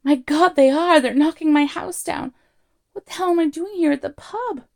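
A woman reading aloud and voicing a frantic Englishman who yelps and shouts indignantly as his house is knocked down. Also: mid-range voice, big pitch swings, very slow, gravelly, heavily acted. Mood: furious.

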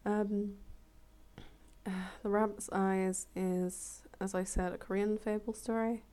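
A woman reading a fable aloud as a storyteller, relaxed and chatty, with casual asides and self-corrections. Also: medium pitch, takes it slowly.

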